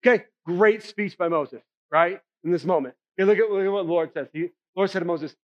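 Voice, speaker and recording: A male pastor delivers a sermon in a casual, talky way, often checking in with "right?" and "okay?". His voice sits high. The recording is slightly dull and muffled. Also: fast talker, few pauses. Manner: conversational preaching, frequent "right?" and "okay?".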